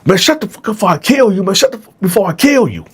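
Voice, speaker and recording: A man putting on a violent male inmate who spits out threats in a fast, clipped rush, his voice raised above his own. Profane and menacing. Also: high-pitched, very animated, slightly rough, pitched above the performer's own voice, exaggerated voice.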